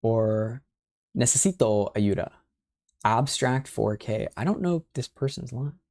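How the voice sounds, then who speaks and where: A man's voice: mid-range voice, a little slow, a little mellow. A young man casually chatting and rambling on a livestream, tossing in Spanish phrases and playfully rolling his R's. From Spanish and Sicilian family background.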